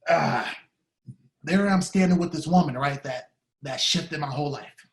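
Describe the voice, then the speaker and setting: Guy giving a big emotional speech, acts out the dialogue, loud then hushed, echoey room. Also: on the high side, normal speed. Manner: heartfelt, dramatic, acts out dialogue, swings between loud and hushed. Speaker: speaker at a staff training day. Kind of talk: emotional personal storytelling speech.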